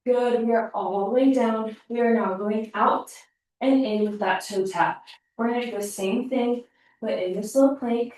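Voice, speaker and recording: A woman's voice: on the high side, fairly even intonation, unhurried, a little mellow. A woman teaching a pilates workout, out of breath, counting down reps and encouraging, recorded on a laptop across the room. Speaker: pilates instructor. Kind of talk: workout cueing. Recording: echoey room, mic far off.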